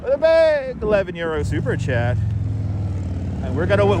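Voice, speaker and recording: Riding outdoors through the city, a somewhat high-voiced bike vlogger streams live, talking in a loose, cheerful, expressive way at a brisk clip. He calls out hellos to viewers by name as wind and traffic roar around his wireless clip-on mic.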